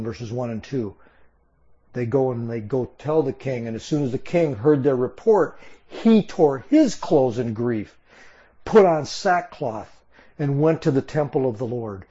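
A man's voice: on the high side, mellow, lo-fi sound. A man preaching an expository sermon, explaining a passage emphatically and sometimes restarting his phrases. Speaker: Bible teacher.

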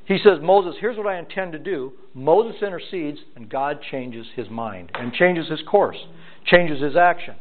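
A man teaching a Bible passage verse by verse, reading aloud and voicing its characters in an animated way, often repeating himself. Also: fairly high pitch, unhurried. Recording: tinny phone-like recording.

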